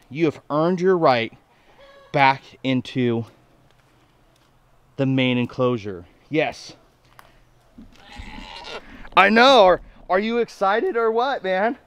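A man hosting a casual farm vlog outdoors, chatting folksily to the camera and talking to his goats in an excited sing-song. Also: mid-range voice. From Nebraska, USA. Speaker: homestead vlogger.

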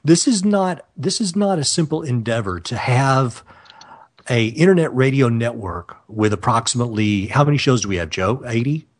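A man's voice: mid-range voice, lively intonation, moderate pace. A man hosting a live internet radio show in casual chat, joking and laughing often at himself. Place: California.

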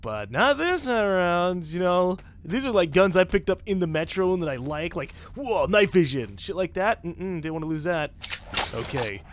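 A man giving casual, excitable gameplay commentary with swearing and chatty asides. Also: sits high, normal speed, a little hiss or hum. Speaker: let's-play gamer.

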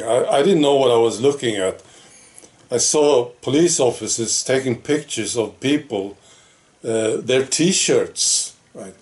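A man talks to his viewers in an unhurried, drawn-out way, in a mid-range voice. He chats casually, leaning on rhetorical questions and little asides like "right?" and "you know". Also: mid-range voice, a little mellow. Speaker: political vlogger. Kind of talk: casual opinion monologue.

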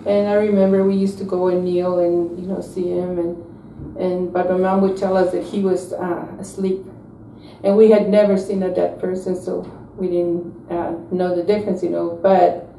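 A gravelly, dark-toned older woman from South Texas recalls her early years slowly and thoughtfully. She sits some distance from the mic in a roomy space, with a faint hiss underneath. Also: on the low side, flat delivery. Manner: slow, reflective remembering. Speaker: interviewee. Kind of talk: oral history recollection.

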